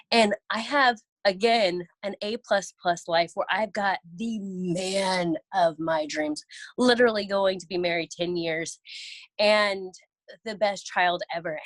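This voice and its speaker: A woman telling animated personal stories with a sassy, laughing delivery, acting out the people she quotes. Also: medium pitch, no echo. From Oklahoma. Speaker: guest, network marketing distributor.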